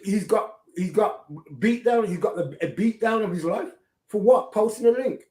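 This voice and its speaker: A man's voice: high-pitched, moderate pace, warm tone. A man hosting religious commentary, preaching and often asking "right?". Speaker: host. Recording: echoey room.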